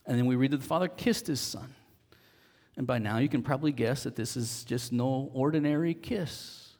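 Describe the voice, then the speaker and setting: A man preaching a sermon, earnestly explaining word meanings and pressing the point with animated emphasis. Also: medium pitch, moderate pace, long reverb tail. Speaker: pastor.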